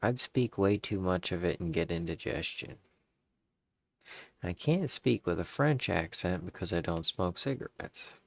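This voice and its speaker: Low raspy dude testing jokes deadpan, super dry sound. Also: male voice, measured pace, no echo. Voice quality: gravelly, husky. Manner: deadpan, stops to rework punchlines. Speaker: comedian working out jokes. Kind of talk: casual joke drafting.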